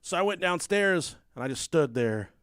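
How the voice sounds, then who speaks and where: A man co-hosting a podcast, telling a story in a casual, animated way, laughing and swearing freely. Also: a little high, moderate pace, clean tone, no room sound, clean studio sound. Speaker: podcast co-host.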